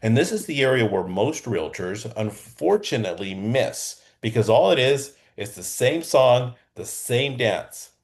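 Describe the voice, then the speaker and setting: A man coaching real estate agents in a lively, conversational way, often checking in with the listener. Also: medium pitch, a little slow, hardly any pauses. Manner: energetic and conversational, keeps checking in with "okay?". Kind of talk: coaching lesson. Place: Southern California.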